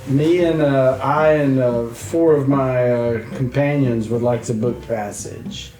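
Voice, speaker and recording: A man's voice: medium pitch, fairly even intonation, takes it slowly, warm tone, reverberant, far from the mic, faint music behind, rough recording. A man playing his character in a tabletop game, hesitant and politely old-fashioned. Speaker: player. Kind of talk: in-character tabletop role-play.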